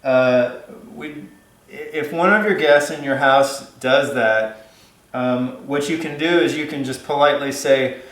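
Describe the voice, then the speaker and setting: A man talks casually about raising a puppy, circling back with lots of "you know" and "like." His voice is mid-pitched and comes through in a noticeably echoey room. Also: a little slow, a bit bright. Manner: rambling, many fillers and restarts. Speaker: dog trainer. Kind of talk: casual advice vlog.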